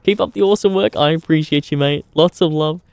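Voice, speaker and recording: Chatting with livestream viewers beside an outdoor campfire, a young Australian man keeps it relaxed and matey, swearing a lot and saying mate. He's a fast talker with a voice on the high side, darkish yet clean in tone, with no room sound.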